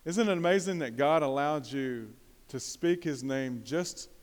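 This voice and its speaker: A man's voice: a little high, measured pace. A man preaching a conversational sermon, putting questions to the congregation and pressing points with bursts of emphasis. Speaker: pastor. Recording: long hall reverb.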